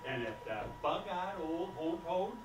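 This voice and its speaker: An actor playing a dramatic, self-pitying small-town theatre director, in an amateur stage play. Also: male voice, a little high, big pitch swings, unhurried. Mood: indignant. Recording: echoey stage, heard from far off, noisy.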